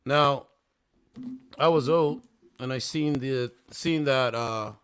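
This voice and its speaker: A man's voice: mid-range voice, slow pace, a bit bright, slight background noise. A man hosting a casual livestream, reacting to clips with incredulous, mocking commentary and talking to his viewers. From Canada. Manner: incredulous, mocking, talks to chat. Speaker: livestream host.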